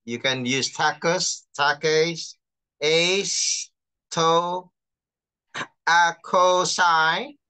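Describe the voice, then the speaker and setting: A chaplain teaching an online class, patiently explaining and reading out terms slowly over a video call. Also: medium pitch, fairly even intonation, bright, forceful tone, smooth. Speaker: chaplain and lecturer.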